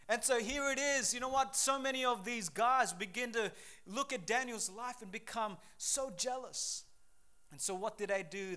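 A young man preaching a sermon in an energetic, conversational and emphatic way. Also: high voice, clear, resonant tone.

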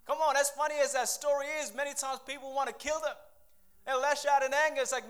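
A man preaches a sermon. He talks to his congregation in a casual way, jumps into quick asides and acts out quotes. His delivery is animated and direct. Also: very high-pitched. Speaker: pastor.

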